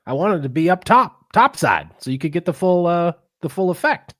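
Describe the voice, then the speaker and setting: A man's voice: high-pitched, big pitch swings, moderate pace, fairly bright tone, no room sound, studio quality. Laid-back male podcast co-host. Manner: laid-back, joking banter. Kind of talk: casual chat.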